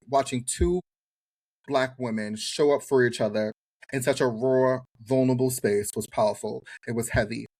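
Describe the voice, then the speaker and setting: Animated American man recapping a show. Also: mid-range voice. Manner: animated storyteller acting out quotes. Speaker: podcast co-host. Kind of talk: casual recap chat.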